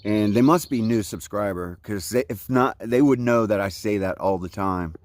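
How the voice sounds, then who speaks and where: This thru-hiker vlogger, a man in his forties from Central Florida, chats casually outdoors on the trail. His lowish voice is a little mellow at a normal speed, and his easygoing surfer lingo leans heavily on "like, you know, man."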